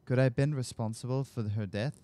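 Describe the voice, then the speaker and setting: A man's voice: mid-range voice, fairly quick, warm tone, natural voice. A man reading a game journal aloud in a put-on Irish or Scottish accent, voicing an exiled war veteran. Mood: solemn. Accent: mock Irish or Scottish.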